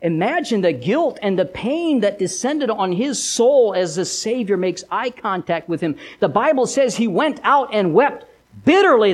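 A male pastor preaches a sermon as dramatic storytelling, moving between loud, emphatic passages and hushed, low lines.

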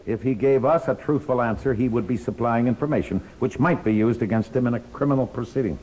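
A man directing a hearing's staff, questioning a witness in a formal, persistent, measured way. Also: medium pitch, darkish tone, rough recording.

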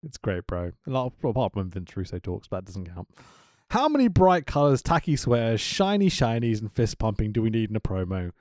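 A man's voice: on the low side, big pitch swings, a little fast, a little mellow, no room sound, clean studio sound. A man co-hosting a casual wrestling recap podcast, laughing often and swearing freely. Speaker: podcast co-host.

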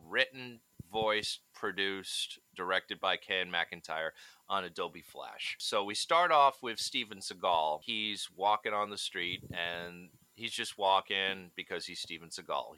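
Male podcast host, casual, animated storytelling, laughs often, bright tone. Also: deep voice, clean tone, no room sound. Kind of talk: casual chat.

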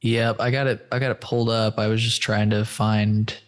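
A man's voice: lowish voice, flat delivery, normal speed. A man hosting a casual screen-share chat, loose, stoned and a bit profane as he walks through search results. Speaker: host.

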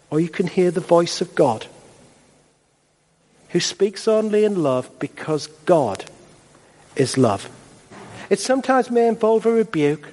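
A male pastor preaching a sermon in a measured, emphatic style with rhetorical repetition. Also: on the high side, a little mellow. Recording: long hall reverb.

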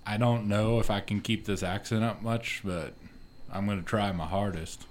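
A guy at the game table puts on a boastful cleric with a thick Southwest Texan drawl. He talks low and hammy, like a bro showing off his axe and shield. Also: steady tone, normal speed, slight background noise, close to an everyday voice. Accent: put-on Southwest Texan. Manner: bro-ish, hammy swagger. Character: brash cleric man with a put-on Texan drawl. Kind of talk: tabletop role-play banter.

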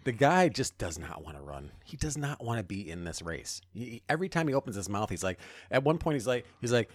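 A man co-hosting a casual political talk show, sarcastic and quick to mimic the people he talks about. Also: mid-range voice, sing-song, no echo. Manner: sarcastic, reads news aloud, mimics politicians. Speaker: podcast co-host.

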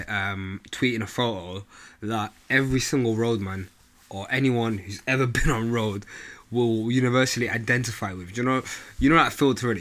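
A man's voice: on the low side, pushed and bright. A young man, talking casually to camera in a slangy, rambling opinion rant. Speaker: vlogger.

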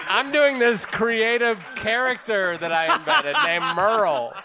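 A man telling a crude, self-mocking story in a casual comedic podcast chat, with halting restarts. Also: very high voice, animated, noisy background.

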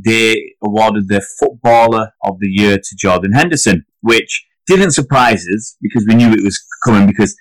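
A man co-hosting a football podcast, arguing his point in an animated, heated way, his pitch climbing as he gets worked up. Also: normal speed, few pauses, dry recording, low-quality recording. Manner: animated, argumentative, rising pitch when heated. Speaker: podcast co-host. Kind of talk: casual football podcast chat.

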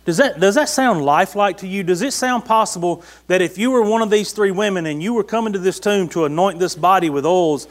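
High-voiced folksy preacher man. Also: a little fast, few pauses. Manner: folksy, conversational preaching with rhetorical questions. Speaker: pastor. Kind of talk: sermon.

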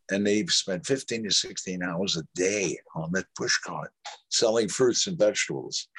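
A man's voice: low-pitched, fairly bright tone, husky, no room sound. Een oudere man met een heel lage, hese stem vertelt anekdotes als gast in een interview. Hij valt zichzelf vaak in de rede en citeert anderen. Het geluid is droog en dichtbij. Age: older. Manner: rambling, with restarts and quoted dialogue. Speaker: actor guest. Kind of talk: anecdotal interview storytelling.

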